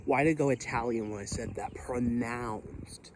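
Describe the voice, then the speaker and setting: A man's voice: mid-range voice, fast. Chatty man outdoors in stormy wind. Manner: chatty, self-deprecating, jokey asides. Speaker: vlogger filming a storm. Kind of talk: casual rambling commentary. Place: outdoors by his house in a storm.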